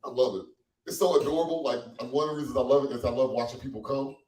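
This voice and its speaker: A man performing a stand-up comedy set in a small cafe, animated and loose, acting out quoted voices. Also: mid-range voice, very fast. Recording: echoey room from far off.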